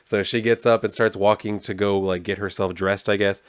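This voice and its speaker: A man's voice: on the low side, little pitch movement, moderate pace, clean tone. A man casually reviewing comic books, swearing often as he talks.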